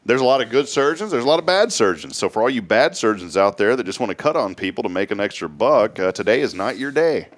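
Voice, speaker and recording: Goofy rambling radio host. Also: male voice, lowish voice, sing-song, quick pace, hardly any pauses. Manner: goofy, rambling, laughs often. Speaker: morning show host. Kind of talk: casual radio talk show banter.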